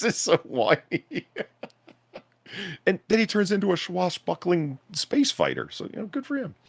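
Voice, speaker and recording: Man, co-host, wry joker, very animated pitch, dry close mic. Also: creaky, breathy edge, no room sound. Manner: wry, joking, quick to riff. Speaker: stream co-host. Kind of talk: casual live-stream chat.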